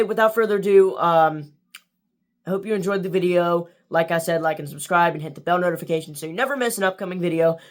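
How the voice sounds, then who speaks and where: A man with a monotone voice signing off a casual book review video, rambling with many fillers and restarts. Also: on the high side.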